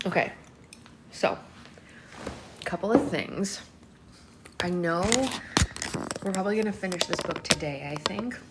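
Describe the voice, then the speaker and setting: Low-voiced, chatty woman hosting a home book club stream; echoey room, faint background hiss. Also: unhurried, pauses often. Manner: chatty, greets viewers by name. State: hiccups. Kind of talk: casual livestream chat and read-aloud.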